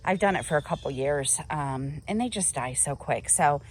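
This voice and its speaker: A woman's voice: sits low, animated, normal speed. A woman chatting casually to the camera as a lifestyle vlogger, upbeat and talkative.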